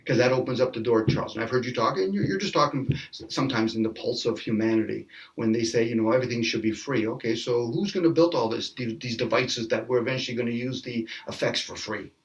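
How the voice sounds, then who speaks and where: A man's voice: mid-range voice, fast, few pauses. A man in a casual speculative panel discussion, talking animatedly, acting out little quoted exchanges and laughing often. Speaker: panel guest. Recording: distant from the mic.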